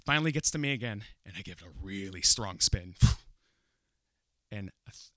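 A young man telling a funny personal story to an audience, animated and often breaking into laughter as he builds the tension. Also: fairly low pitch, moderate pace, dry recording.

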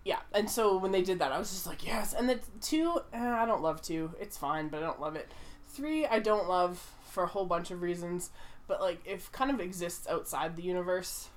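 A woman's voice: fairly low pitch, lively intonation, a little fast, slight background noise. A woman in a casual movie chat, rambling with many fillers and eager to explain. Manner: rambling, filler-heavy, enthusiastic.

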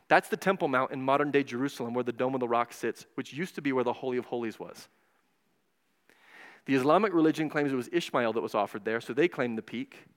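A man preaching a casual, animated sermon in a church, retelling stories and acting out the voices with quick asides. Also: mid-range voice. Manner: animated, digressive, acts out voices. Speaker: pastor. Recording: long hall reverb.

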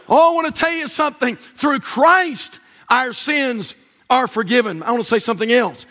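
A man's voice: very high voice, bright, forceful tone. A man preaching a sermon, fervent and emphatic, drawing out key words and quoting scripture. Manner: fervent, drawn-out emphatic delivery with Bible quotations.

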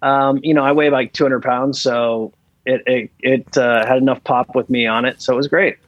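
A man guesting on a podcast, telling stories in a lively, rambling way full of fillers. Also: medium pitch, moderate pace, no echo, dull audio. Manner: animated storyteller with many fillers. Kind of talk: casual podcast interview.

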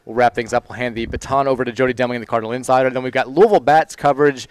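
Fast, smooth-talking radio host man. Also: medium pitch, steady tone, no echo. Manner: brisk, upbeat, reads ads smoothly. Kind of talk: live sports radio talk. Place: live broadcast at a car dealership.

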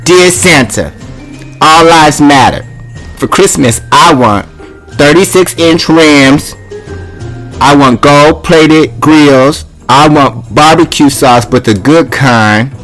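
A man voicing a greedy kid who rambles through a deadpan list for Santa. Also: on the high side, slow, faint music behind. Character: scheming boy Buster asking Santa for loot.

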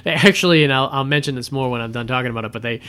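Bright-voiced man telling movie stories. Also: medium pitch, racing, smooth. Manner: animated storytelling, swearing, many fillers. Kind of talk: casual movie chat.

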